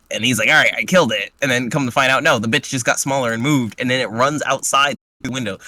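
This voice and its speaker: A man's voice: mid-range voice, no room sound. A man casually recapping a tabletop game session with crude, joking energy. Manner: crude, joking, animated retelling. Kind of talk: casual chat.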